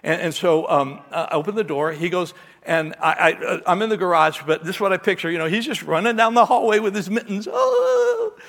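A middle-aged male pastor delivers a sermon through an animated personal story, slipping into other people's voices as he goes. His voice sits a little high and has a gravelly edge. The sound carries the long echo of a hall. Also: a little fast. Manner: animated storyteller, acts out voices, ends in quiet prayer.

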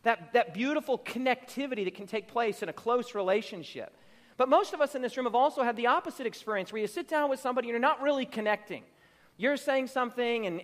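A man preaching a sermon as pastor, building emphasis through repeated phrases and stretching out his quotations slowly. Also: very high-pitched, a bit bright. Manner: preaching with rising emphatic repetition; slow drawn-out quotations. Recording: reverberant hall.

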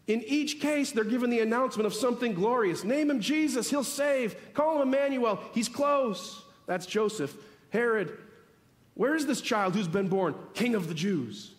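A man delivers a sermon from the pulpit, his voice sitting high for a man. He talks animatedly, building to emphatic peaks and then dropping back to a conversational aside. The sound rings with the long reverb of a big church sanctuary. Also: lively intonation, normal speed. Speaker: pastor. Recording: long reverb of a large hall.

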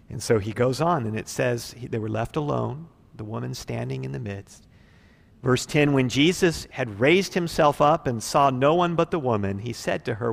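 Gravelly-voiced man preaching a sermon. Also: mid-range voice, measured pace. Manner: expressive preaching, swings from loud emphasis to near-whisper. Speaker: pastor.

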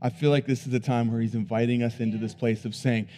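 A man preaching a sermon who swings between hushed, low emphasis and loud, emphatic bursts, repeating words as he builds each point. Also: fairly even intonation, fast talker, slight background noise.

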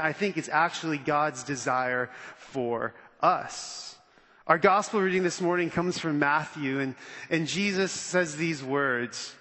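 A man preaching a sermon as pastor, animated and conversational, acting out the quotes he reads. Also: a little high, big-room sound.

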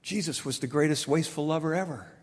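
A man's voice: fairly high pitch, fast talker, breathy edge, long reverb tail. A middle-aged man preaching a sermon, telling a story and acting out the dialogue with rising emphasis. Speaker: pastor.

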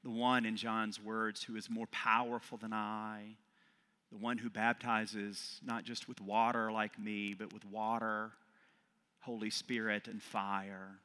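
A middle-aged man, an Episcopal priest, preaching a sermon with loud emphatic peaks that fall back to quiet reflection. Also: lowish voice, level tone, takes it slowly. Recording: long reverb of a large hall.

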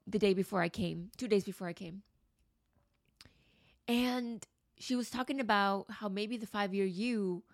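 A woman's voice: medium pitch, no room sound, clean studio sound. A woman in her thirties hosting a podcast, telling a personal story in an earnest, emotional, reflective way. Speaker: podcast host and coach.

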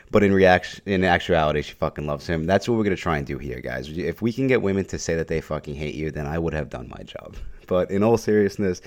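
A man's voice: a bass voice, a little mellow. A young man hosting his own podcast alone, talking bluntly and swearing constantly in a casual monologue. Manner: profane, blunt, fast-talking. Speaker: podcast host.

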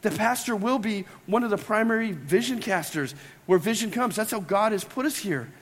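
A pastor with a high voice delivers a chatty, lively sermon, bantering with his congregation between points. His voice rings out with a long reverb from the church hall around him. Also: moderate pace, breathy edge. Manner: conversational, playful asides to the congregation. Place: church sanctuary.

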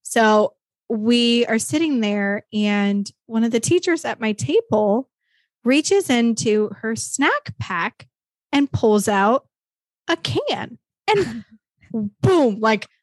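Chatty higher-voiced woman. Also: expressive, dry recording. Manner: chatty, quick reactions. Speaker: teacher. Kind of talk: casual conversation.

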